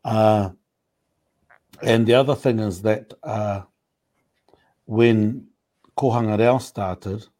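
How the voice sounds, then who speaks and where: A man talking in a relaxed, thoughtful way during a casual discussion, pausing often with fillers. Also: lowish voice. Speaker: panel speaker.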